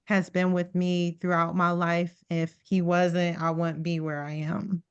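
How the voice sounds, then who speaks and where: A woman speaking in a low, even voice that stays smooth and resonant. She shares her thoughts earnestly in an online workshop. The call audio sounds dull and lo-fi. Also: a little slow. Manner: earnest, reflective, faith-centered. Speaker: workshop participant from a nonprofit. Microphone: video call.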